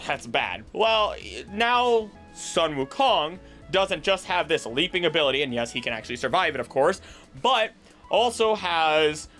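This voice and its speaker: A man hosting a video, explaining myths in an animated, jokey, tangential way. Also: on the high side, measured pace, faint music behind. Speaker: voice actor and video host. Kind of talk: casual explanatory commentary.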